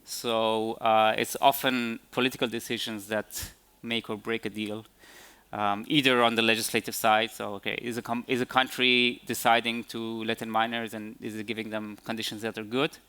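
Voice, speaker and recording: Man, conference speaker, bright ringing tone, hesitant, lots of fillers. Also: fairly low pitch, flat delivery, moderate pace, smooth. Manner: hesitant, many fillers and restarts. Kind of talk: conference Q&A answers.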